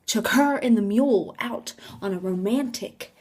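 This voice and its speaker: A young woman vlogging on a phone mic, telling a story in an animated, dramatic way. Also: on the high side, measured pace. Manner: animated, dramatic, drops into whispers for effect. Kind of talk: casual storytime.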